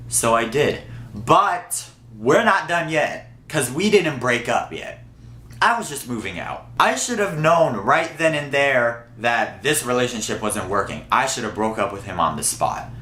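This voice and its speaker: A young man telling a storytime vlog in a blunt, sassy, profane way, with big jumps in pitch. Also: a bit bright, reverberant, a little hiss or hum. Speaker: vlogger.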